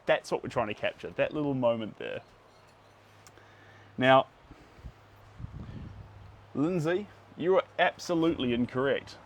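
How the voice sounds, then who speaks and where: A man's voice: medium pitch, expressive, a little slow, pauses often, a little hiss or hum. A man with a New Zealand accent chatting casually to his livestream viewers as he paints, greeting them by name.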